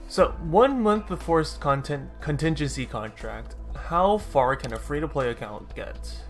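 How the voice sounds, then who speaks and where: A man's voice: a little high, expressive, a little slow, soft background music. Man casually narrating his gameplay. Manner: rambling, self-correcting, dry sarcasm. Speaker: gaming YouTuber.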